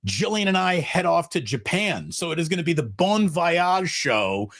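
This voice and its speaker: A man co-hosting a sports talk show, making emphatic, drawn-out arguments in casual debate. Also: fairly high pitch, big pitch swings, a bit bright, no echo, clean studio sound.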